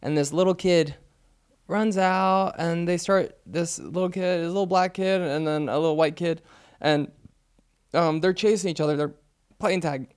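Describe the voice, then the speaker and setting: Animated man telling a story. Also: a little high, moderate pace, clean tone. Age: 30s. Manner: animated storyteller, acts out voices and screams. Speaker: podcast co-host. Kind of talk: casual chat.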